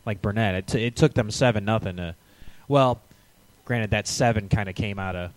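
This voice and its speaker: A man's voice: fairly low pitch, normal speed, no room sound. A man co-hosting a live sports podcast, chatting casually and rambling with frequent stammered restarts. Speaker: podcast co-host.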